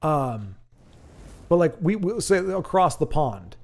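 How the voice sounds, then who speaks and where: An American man hosts a live stream in a rambling, chatty style, reading viewer chat aloud and laughing often. His voice is fairly high and sing-song, and he speaks slowly.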